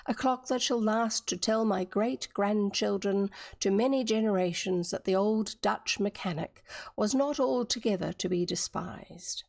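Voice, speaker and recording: A woman with a New Zealand accent, reading aloud as a frail, tender old clockmaker grandfather, speaking slowly and gently. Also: mid-range voice, gravelly. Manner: slow, gentle, earnest.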